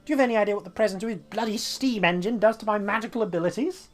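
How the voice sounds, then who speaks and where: A man's voice: fairly high pitch, big pitch swings, fairly quick, breathy edge. Man putting on a pompous alchemist. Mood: indignant. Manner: pompous and aggrieved. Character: indignant fussy male alchemist merchant.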